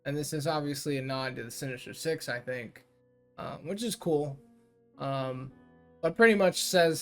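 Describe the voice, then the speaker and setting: A man talks through a cartoon episode in a loose, filler-heavy recap, tossing off quick paraphrased lines from the characters. His voice sits slightly on the high side. A soft guitar plays faintly underneath. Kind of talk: casual spoken review recap.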